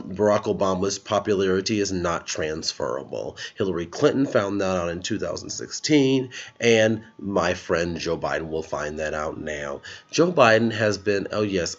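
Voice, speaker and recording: A low-pitched man giving casual, sarcastic political commentary for a vlog. He mocks his subject with put-on voices and chuckles along the way. The recording sounds dull and lo-fi, like a cheap home setup. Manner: sarcastic, laughs at his own jokes. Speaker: political vlogger.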